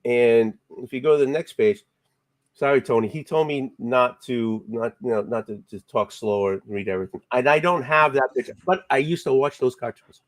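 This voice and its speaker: A man's voice: moderate pace, no echo. Rambling man retelling a comic. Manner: rambling, acts out character lines with bursts of pitch. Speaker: comic book reviewer. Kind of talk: casual retelling of a comic story.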